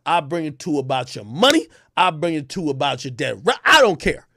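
Brief: trash-talking man, high voice, sharp bright tone, loud boastful rant in a dry room. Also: big pitch swings, brisk, no echo. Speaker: online personality. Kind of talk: ranting to camera.

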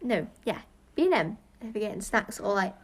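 A teenage girl co-hosting a casual chat podcast, giggly and quick with her asides. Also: mid-range voice, sing-song, breathy edge. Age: teens.

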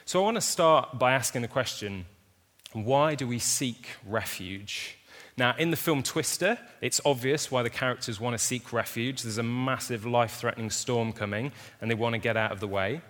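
A man's voice: mid-range voice, moderate pace, fairly bright tone, in a large hall. A man preaching a sermon to a congregation, talking casually and telling stories with touches of humor. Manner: casual, conversational storytelling with humor. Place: church hall with an audience.

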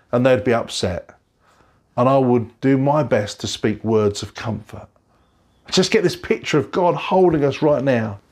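A middle-aged man, a pastor, giving an earnest, heartfelt sermon from a bedroom at home, slowing down on key phrases. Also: mid-range voice, darkish tone. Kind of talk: recorded sermon.

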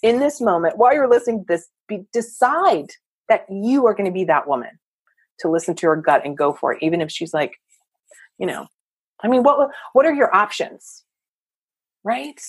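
A woman coach and therapist giving energetic, emphatic motivational advice as a podcast guest. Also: medium pitch, normal speed, husky, dry recording. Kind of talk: podcast interview.

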